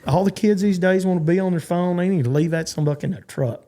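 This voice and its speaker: On a podcast interview, a forty-something cowboy from Texas tells rambling, stop-start stories with many restarts. His voice is high-pitched and dark in tone, and he talks at a quick pace.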